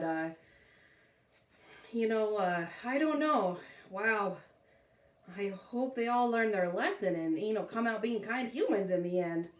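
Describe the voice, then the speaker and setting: A woman reading a children's novel aloud for a school, breaking off for chatty, self-deprecating asides. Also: medium pitch. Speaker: storytime reader for a school. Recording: echoey room, far from the mic.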